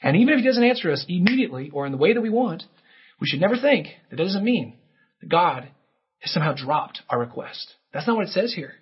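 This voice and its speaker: A man's voice: high voice, big pitch swings, fast talker, breathy edge, highs cut off. A male pastor preaching a sermon, telling stories and acting out the characters' voices. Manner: storytelling with acted-out character voices.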